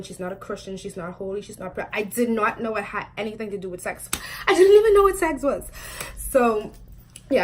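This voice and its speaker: A woman in her twenties telling a storytime vlog, talking quickly and chattily with lots of "like" fillers and frequent laughs. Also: medium pitch, slight background noise. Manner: chatty and fast, full of "like" fillers, laughs often. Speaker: vlogger.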